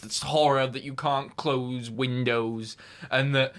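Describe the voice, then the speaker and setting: A young man reviewing a film on a radio show, animated and mocking, often laughing. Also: medium pitch, slow. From United Kingdom. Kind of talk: casual radio chat.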